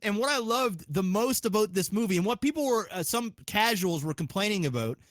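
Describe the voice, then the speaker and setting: A man hosting a podcast, chatting casually in an excitable, profane way with lots of restarts. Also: high-pitched, brisk, no room sound. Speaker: podcast host.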